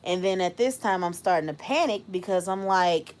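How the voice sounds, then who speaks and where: A woman's voice: fairly low pitch, normal speed, a little mellow. A woman hosting a live stream, casually telling a story to her chat, laughing often and acting out the voices of people she quotes.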